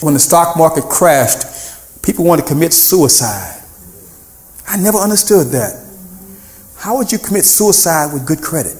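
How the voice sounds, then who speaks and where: A man preaching a sermon as pastor, animated, calling out to the congregation and half-singing some phrases. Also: a little high, normal speed, long pauses. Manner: animated preaching with call-and-response and sung phrases. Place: church sanctuary. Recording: echoey church room.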